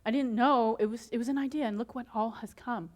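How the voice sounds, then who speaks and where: A woman giving an inspirational talk to an audience, telling her story with frequent laughter and acting out her own excited reactions. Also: on the high side, a little fast. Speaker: motivational speaker.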